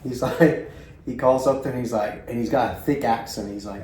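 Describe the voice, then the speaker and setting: A man telling a heartfelt, funny story in casual chat, with halting restarts and bursts of laughter. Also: mid-range voice, steady tone, darkish tone. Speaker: podcast co-host. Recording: echoey room, faint noise.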